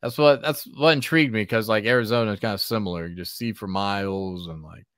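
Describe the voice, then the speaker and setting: A man hosting a casual podcast conversation, telling animated stories and laughing often. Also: fairly low pitch, quick pace, dry recording, clean studio sound. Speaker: podcast host and barber.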